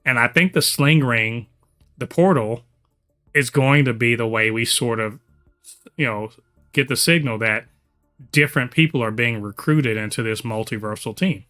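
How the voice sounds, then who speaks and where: A man's voice: medium pitch, moderate pace, a bit bright, faint music behind. A man hosting a casual podcast chat, talking enthusiastically and rambling with lots of fillers. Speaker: podcast host.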